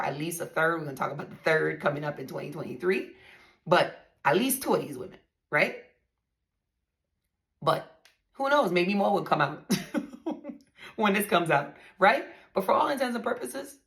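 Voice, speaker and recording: A woman hosting a podcast tells her own story in a candid monologue, bluntly and emphatically, addressing her listeners directly. Her lowish voice is creaky and fairly bright, at a normal speed.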